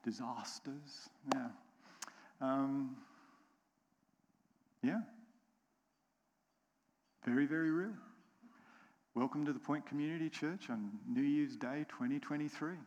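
A man with an American accent preaching a sermon to his congregation, slow and emphatic, repeating key phrases and putting questions to the room. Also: on the high side, a little mellow. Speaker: pastor. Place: church sanctuary. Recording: long church hall reverb.

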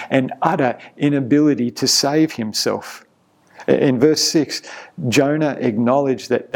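A man's voice: medium pitch, gravelly. A man preaching an earnest, emphatic sermon as pastor, often repeating a word as he builds a point.

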